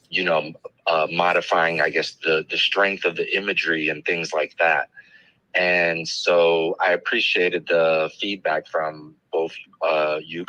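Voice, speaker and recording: A man speaking as a guest author, reflecting thoughtfully with hesitant pauses and many fillers. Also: sits low, pushed and bright, no room sound, poor audio. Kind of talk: reflective conversation.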